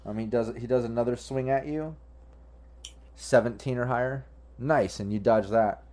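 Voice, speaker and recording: A man narrating a tabletop game as game master. He talks casually and with profanity, stopping and restarting as he thinks, in a mid-pitched voice. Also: moderate pace, warm tone.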